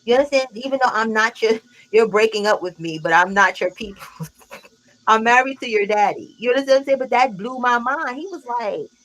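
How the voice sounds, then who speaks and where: Animated woman hosting a casual live stream. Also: fairly high pitch, brisk, poor audio. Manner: animated storytelling, loose profanity and slang. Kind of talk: casual group chat.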